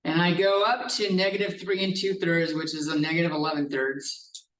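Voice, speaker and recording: High-pitched guy teaching math, loose and swears some, echoey room, mic kinda far off. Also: fairly even intonation, moderate pace, a bit bright, a little hiss or hum. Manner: casual and profane, explaining step by step. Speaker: math professor. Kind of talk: classroom lecture. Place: classroom. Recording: echoey classroom from a distance.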